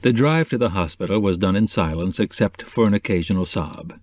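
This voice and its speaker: A man narrating a novel in a measured, even way. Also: deep voice, no room sound. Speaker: audiobook narrator. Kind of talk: scripted narration.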